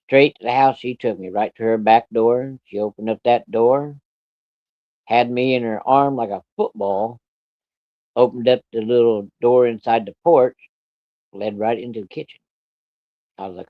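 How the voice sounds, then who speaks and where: A man's voice: medium pitch, moderate pace, no room sound, highs cut off. A man telling a personal story in a casual, plainspoken way, with plenty of profanity. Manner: plainspoken, profane, vivid retelling.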